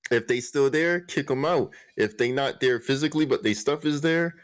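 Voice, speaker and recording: A man's voice: mid-range voice, normal speed. A man co-hosting a casual podcast, talking in slang with swearing. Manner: slangy, profane, expressive. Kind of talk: casual chat.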